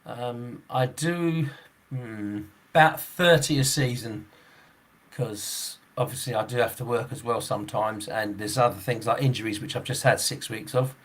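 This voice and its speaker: A man's voice: mid-range voice, unhurried. A man in his sixties, a football referee hosting a podcast, chatting casually in a rambling way, chuckling often and restarting his sentences. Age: 60s.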